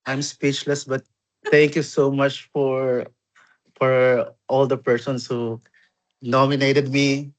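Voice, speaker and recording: A man thanks those who nominated him, humble and halting, speaking slowly in a flat, even tone. He comes through a video call. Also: mid-range voice, rough recording. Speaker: award winner.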